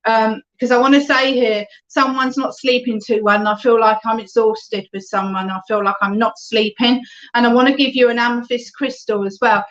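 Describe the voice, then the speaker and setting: A fairly high-voiced woman leads an online spiritualist reading as the medium. She talks in a warm chatty flow and keeps checking in with "okay?". The sound is dull and lo-fi, like a home web stream. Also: fairly even intonation, normal speed. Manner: chatty, reads out viewer comments, often adds "okay?".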